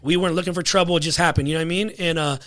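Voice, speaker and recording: Appearing as a guest on a podcast, this married father shares a personal story in a relaxed, rambling way, peppered with phrases like "you know what I mean." His voice sits on the high side and is a bit bright, with an even tone and a rushed delivery.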